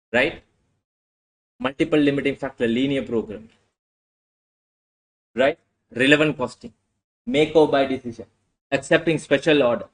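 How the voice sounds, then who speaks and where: A man's voice: fairly high pitch, poor audio. A male lecturer teaching a class, often asking "what?" and answering himself. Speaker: accounting lecturer.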